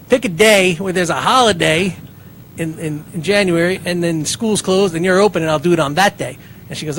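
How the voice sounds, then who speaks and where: A man's voice: on the high side, moderate pace, a bit bright, a little hiss or hum. A man telling a long, self-deprecating comic story on a talk show with his co-hosts. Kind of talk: comedic storytelling.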